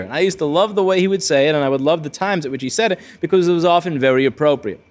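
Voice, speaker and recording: A man's voice: a little high, lively intonation, fast, few pauses. A man hosting his own video, telling a rambling, blunt story with frequent restarts. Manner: rambling, self-correcting, blunt. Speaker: repair-shop video host. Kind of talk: casual storytelling monologue.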